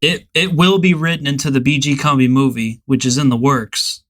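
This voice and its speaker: A man's voice: medium pitch, steady tone, normal speed, a bit bright. A man hosting a podcast, chatting casually in a rambling, hesitant way. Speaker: podcast host.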